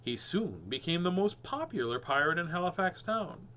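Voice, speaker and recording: Animated man reading storybooks aloud. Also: fairly high pitch, moderate pace, slight background noise. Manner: animated, punning and joking. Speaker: host reading children's books. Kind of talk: storybook read-aloud with joking asides.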